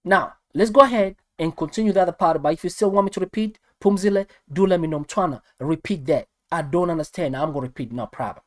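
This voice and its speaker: A man's voice: a little high, fast talker, few pauses, no room sound, studio quality. A man with a South African accent teaching a live online maths lesson, repeating each step and talking straight to his viewers. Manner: animated, repeats steps, talks straight to viewers. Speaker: maths tutor.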